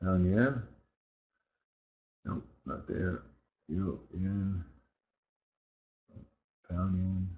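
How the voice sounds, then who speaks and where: A low-voiced man teaches currency trading in a live chart walkthrough, drawing out his words and pausing often with fairly even intonation. The audio sounds dull. He's conversational, talking while he works and putting rhetorical checks to his listeners.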